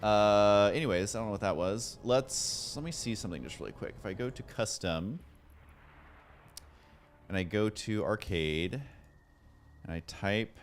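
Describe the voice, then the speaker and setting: A man streaming a game and chatting casually with viewers, excitable and self-deprecating as he thanks them by name. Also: lowish voice, slight background noise. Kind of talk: casual livestream chat.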